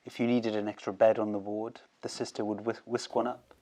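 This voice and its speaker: A man who is a doctor hosting an interview, asking measured questions and giving brief affirmations. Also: on the low side, little pitch movement, warm tone.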